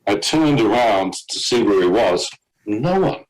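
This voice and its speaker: Low-voiced man telling a dramatic story. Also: a little slow, rough recording. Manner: animated storyteller who acts out quoted voices and laughs between lines. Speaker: guest telling his testimony. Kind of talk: personal testimony storytelling.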